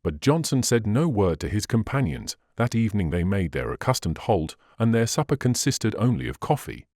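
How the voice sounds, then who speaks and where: A man narrating a classic adventure novel as an audiobook reader, in an expressive, measured way. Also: lowish voice, no room sound, studio quality. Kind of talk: scripted narration.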